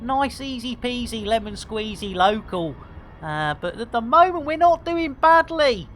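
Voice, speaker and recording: A man's voice: very high-pitched, animated, measured pace, fairly bright tone, slight background noise. A man commentating his live game stream with jokey, punning banter for his viewers.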